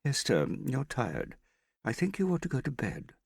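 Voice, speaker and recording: A man's voice: mid-range voice, wildly swooping pitch, moderate pace, creaky, darkish tone, breathy edge, dry recording, studio quality, pitched above the performer's own voice, heavily acted. A man doing a stern threatening father. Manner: demanding, threatening. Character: stern angry older father.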